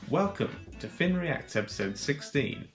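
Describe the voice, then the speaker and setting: A man hosting a reaction video, narrating a scripted analysis in a dry, mock-grand deadpan. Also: fairly high pitch, unhurried, soft background music. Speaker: video host.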